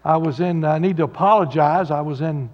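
High-voiced preacher man, folksy and jokey, big churchy reverb, kinda dull sound. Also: fairly quick. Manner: folksy, joking asides, many fillers. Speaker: pastor. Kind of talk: sermon. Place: church sanctuary.

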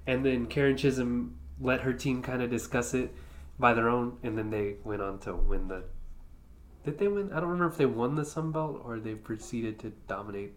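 A man's voice: mid-range voice, moderate pace. A young man with a stuffy, congested voice co-hosting a casual sports podcast, joking around and correcting himself as he rambles. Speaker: podcast co-host, sports reporter.

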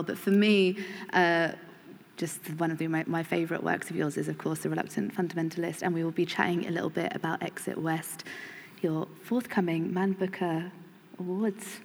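Woman panel chair, lowish voice, casual and friendly, hall reverb, faint noise. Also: level tone, normal speed, creaky. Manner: friendly, laughs easily, some fillers. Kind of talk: live panel moderation.

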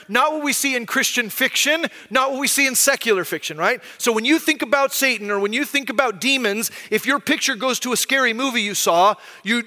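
Bright-voiced pastor preaching in a hall. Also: male voice, extremely high pitch. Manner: conversational, explaining with rhetorical "right?". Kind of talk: sermon.

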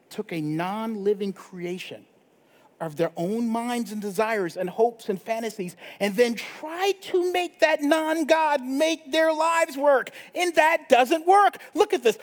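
A man pastor preaching a sermon in a conversational way, often checking in with a quick "right?". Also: very high voice. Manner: conversational preaching with frequent tag questions. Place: church sanctuary. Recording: long church reverb.

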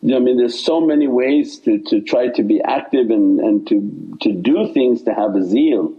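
A man's voice: medium pitch, moderate pace, husky, highs cut off. A man teaching in an informal sermon, with meandering speech that repeats itself and loose phrasing. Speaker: religious teacher.

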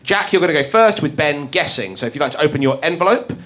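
A man hosting a comedy podcast quiz briskly, keeping the game moving between laughs. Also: on the high side, lively intonation. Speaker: quiz host. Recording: loud background hiss.

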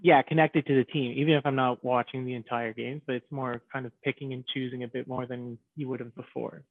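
A man's voice: mid-range voice, flat delivery, fairly quick, dry recording. A man's voice comes through thin and phone-like on a remote call, dry with no room around it. He muses hesitantly, circling his point with fillers. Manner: musing, hesitant, many fillers. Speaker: podcast co-host. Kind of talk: casual podcast chat. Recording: tinny phone-like remote audio.

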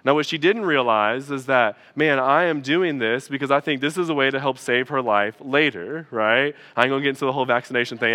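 A male pastor preaching a sermon in a relaxed, conversational way, with frequent asides to the congregation. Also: mid-range voice, fast, hardly any pauses. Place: church.

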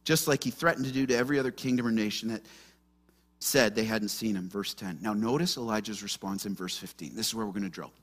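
A man's voice: fairly low pitch, fast talker. A man preaching a sermon as pastor, animatedly acting out the anxious voices of scripture figures. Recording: long hall reverb.

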